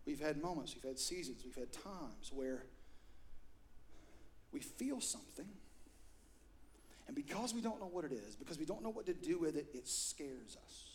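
A middle-aged man preaching a storytelling sermon in a church, animated and acting out quotes with sudden loud high bursts. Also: normal speed, long pauses, slight background noise. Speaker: pastor.

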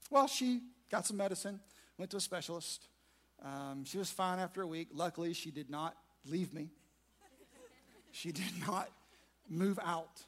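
Man, pastor, high voice, conversational sermon, self-deprecating storytelling. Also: a little slow, long pauses, fairly bright tone. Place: large room with audience.

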